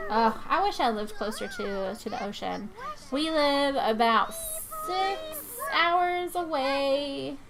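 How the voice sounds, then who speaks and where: A woman with a North Georgia Southern accent chats with her viewers as she plays. Her voice sits a little high, and she keeps breaking into giggles as she jokes along. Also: sing-song, slow, background noise. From North Georgia, USA. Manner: giggly, chatty, jokey. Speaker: live streamer. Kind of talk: casual live-stream chat while playing.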